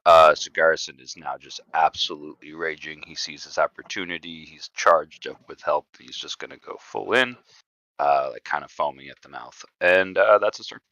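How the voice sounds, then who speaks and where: A man playing a tabletop game, talking animatedly and bursting into loud laughs. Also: a bass voice, moderate pace, no echo. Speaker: player. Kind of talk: casual tabletop play. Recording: dull, dry mic.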